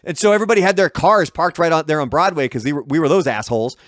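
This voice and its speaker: Hoarse, chatty podcast co-host, dry sound. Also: male voice, fairly high pitch, very fast, dry recording. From Portland, Oregon. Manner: swearing, many restarts, lively quoting of others. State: hoarse, frog in his throat. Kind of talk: casual chat, storytelling.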